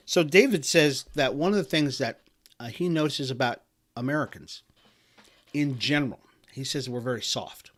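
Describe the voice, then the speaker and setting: A middle-aged man hosts a motivational podcast segment. He talks in an emphatic, pep-talk way, circling back and restarting his sentences as he drives his point home. His voice sits at an ordinary middle pitch for a man. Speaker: podcast host.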